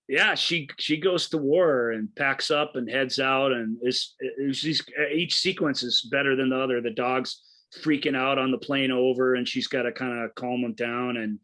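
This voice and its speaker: A man co-hosting a movie podcast, telling a film's story with eager, halting enthusiasm and many restarts. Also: mid-range voice, fairly bright tone. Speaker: podcast co-host. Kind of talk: casual movie review chat.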